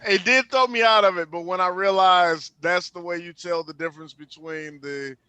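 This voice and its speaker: A man's voice: high voice, steady tone, normal speed, sharp tone, a little hiss or hum. A man co-hosting a podcast, talking casually and emphatically. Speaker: podcast co-host. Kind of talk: casual chat.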